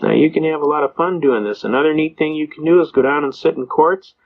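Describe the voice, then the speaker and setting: An older man lecturing in a rambling, folksy storytelling way, often pausing with "uh". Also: fairly high pitch. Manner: rambling, folksy, with frequent "uh" fillers. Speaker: lecturer on citizens' rights. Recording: dull lo-fi recording.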